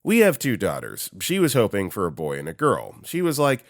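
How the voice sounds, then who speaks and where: A man reading online stories aloud, with an animated, sarcastic storytelling manner into a close microphone. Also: mid-range voice, normal speed, few pauses, no echo. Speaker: story narrator.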